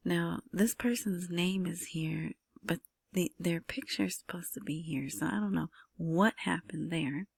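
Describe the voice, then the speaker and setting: Brief: woman host, soft whispered commentary, husky and gravelly, dry close sound. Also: lowish voice, no echo. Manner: whispering, rambling with many asides and "right?" checks. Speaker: currency news commentator. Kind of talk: casual solo commentary.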